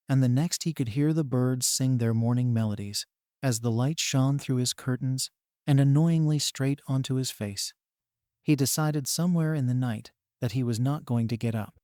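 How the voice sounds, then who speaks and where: A man narrating a fan-written story in a steady, even reading. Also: mid-range voice, no echo, clean studio sound.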